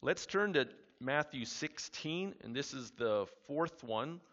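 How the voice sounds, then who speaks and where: A man's voice: mid-range voice, slow pace. Man preaching in a reverberant hall. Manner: reads scripture aloud, then comments in a relaxed conversational way. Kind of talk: sermon with Bible reading. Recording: reverberant hall, dull lo-fi sound.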